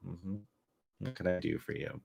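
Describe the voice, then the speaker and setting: A man voicing a calm, polite, businesslike male dog, speaking in a deadpan, unbothered way. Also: sits low, normal speed, gravelly, husky, heavily acted.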